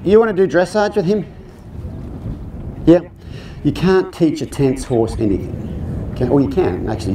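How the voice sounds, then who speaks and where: A man's voice: medium pitch, background noise. A male horse trainer giving a live clinic talk, conversational and joking, often putting questions to the audience.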